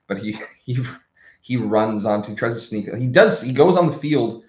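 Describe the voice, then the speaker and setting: A man tells a story in a casual podcast chat, stumbling, restarting and swearing as he gets worked up. His voice sits a little low. The sound is roomy and dull, like a lo-fi home recording. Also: a little mellow. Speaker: podcast co-host.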